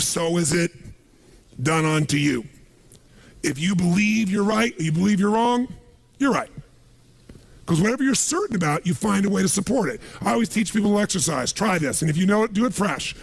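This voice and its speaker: Raspy, gravelly motivational speaker man. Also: high voice, lively intonation, fairly quick. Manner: emphatic, calls out questions for the crowd to answer. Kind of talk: motivational seminar talk to a live audience.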